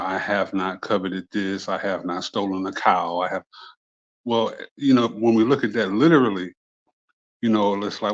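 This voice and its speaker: A man with a fairly low voice talks in a chatty, conversational way, sprinkling in "you know" and restarting his sentences. His audio comes through a video call and sounds dull and lo-fi. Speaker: panelist. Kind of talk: casual panel discussion.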